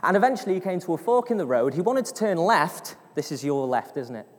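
Male preacher, animated storyteller, slightly high voice, reverberant church hall. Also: fairly quick. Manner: lively storyteller, acts out voices, laughs often. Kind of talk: sermon with storytelling.

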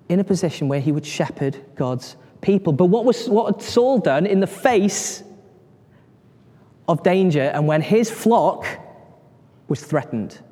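A man preaching a sermon, telling a Bible story in a lively way, acting out voices and putting questions to his listeners. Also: high-pitched, big-room sound. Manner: animated storytelling, acts out voices, asks the congregation questions.

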